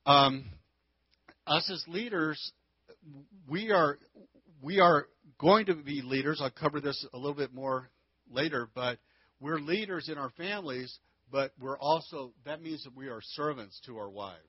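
A man with a fairly high, husky voice speaks a little slowly, giving a casual, folksy church lesson on marriage. He talks into a handheld mic and restarts often, and the audio is dull with no echo.

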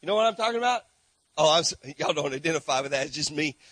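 A middle-aged missionary preacher from Texas delivers a sermon in a high, bright voice pitched above most men's, speaking fast with lively intonation. He tells stories animatedly, dropping to hushed asides and then rising to shouts. The sound is dry and close, with almost no room echo.

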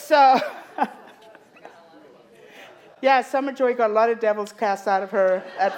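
A woman's voice: fairly high pitch, a little slow, long pauses, darkish tone. A middle-aged woman preaching a sermon in church, telling personal stories in a humorous, confiding way. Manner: humorous, confiding storytelling with laughs.

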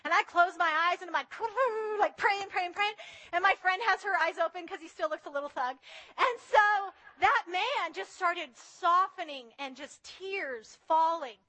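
A woman's voice: very high-pitched, moderate pace, sharp tone, rough recording. A woman preaching a sermon in an earnest, conversational way, telling personal stories. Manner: earnest, conversational, tells anecdotes.

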